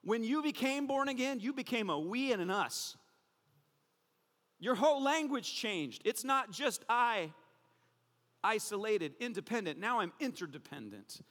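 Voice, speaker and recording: Bright-voiced man preaching in a hall. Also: high voice, measured pace. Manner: animated, conversational preaching with playful asides. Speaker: pastor. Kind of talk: sermon.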